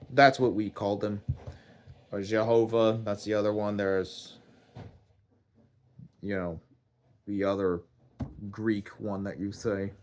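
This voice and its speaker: Man, comic monologue, slow, rambling, deadpan, swears a lot. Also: fairly low pitch. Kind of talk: comedic first-person character monologue.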